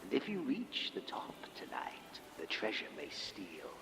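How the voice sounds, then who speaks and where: A man's voice: lowish voice, huge pitch swings, a little slow, exaggerated voice. A man voicing a sinister male host of a twisted tower, in a sly, menacing whispered role-play. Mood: sly menace. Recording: game audio over music.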